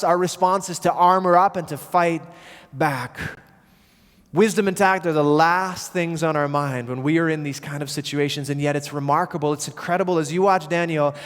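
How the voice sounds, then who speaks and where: A man preaches a sermon, his voice a little higher than most men's. He tells the story vividly and acts out the quoted voices. The sound carries a long reverb from the church hall. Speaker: pastor.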